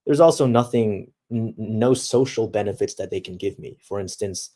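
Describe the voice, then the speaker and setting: A young man holds a casual livestream and answers his chat. His talk is relaxed and slangy, thick with dude and bro, and his voice sits slightly low. It sounds like a desktop mic. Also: normal speed. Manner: slangy and laid-back, peppered with dude and bro. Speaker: streamer.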